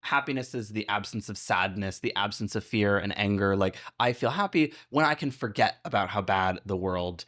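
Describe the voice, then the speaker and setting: A man's voice: lowish voice, moderate pace, hardly any pauses. Upbeat, earnest man guesting on a podcast. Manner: earnest and upbeat, acts out quoted lines with animated shifts. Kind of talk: casual podcast conversation.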